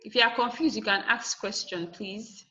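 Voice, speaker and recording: Bright-voiced woman teaching a lesson. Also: mid-range voice, steady tone, moderate pace, highs cut off. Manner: asks and answers her own questions; spells endings letter by letter. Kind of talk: classroom lesson.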